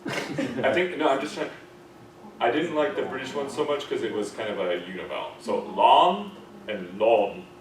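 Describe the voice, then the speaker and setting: A man's voice: mid-range voice, a little fast. American man coaching diction in an echoey classroom. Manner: demonstrates words, lively corrective feedback. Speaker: diction teacher. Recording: echoey classroom, distant mic, background noise.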